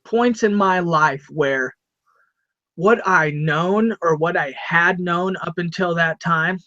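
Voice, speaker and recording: A man co-hosting a podcast, telling a rambling, animated story in casual chat and repeating himself. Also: on the high side, slow pace, no room sound, highs cut off. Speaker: podcast co-host.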